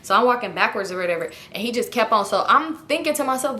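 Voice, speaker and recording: A young woman telling a personal story in a casual, animated way, swearing freely and talking straight to her viewers. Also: on the high side, fast, few pauses. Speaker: storytime vlogger.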